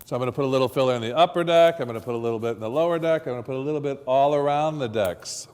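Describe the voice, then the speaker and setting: A chatty man coaching a class through a hands-on floristry demonstration, quizzing his students as he goes. His mid-pitched voice rings with a long hall reverb, as in a workshop classroom. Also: rapid-fire, darkish tone, smooth. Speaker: floristry instructor.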